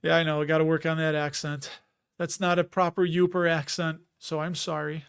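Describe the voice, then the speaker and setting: A man's voice: fairly high pitch, flat delivery, brisk, creaky, fairly bright tone, smooth. Chatty man hosting a livestream. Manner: chatty, laughs often, restarts words. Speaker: livestream host. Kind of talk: casual livestream chat reading viewer comments.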